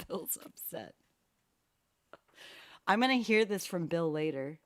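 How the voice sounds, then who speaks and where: A woman's voice: fairly low pitch, expressive, takes it slowly. A woman hosting a live piano request stream, chatting playfully with her viewers from a room at home and laughing at herself. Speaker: livestream piano host. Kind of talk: casual chat with livestream viewers. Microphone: studio microphone at varying distance.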